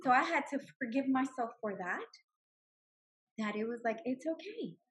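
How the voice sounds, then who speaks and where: A woman in her forties telling her personal story with animated emotion, laughing often. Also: on the high side, normal speed, slightly rough. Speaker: guest sharing her story. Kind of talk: personal testimony.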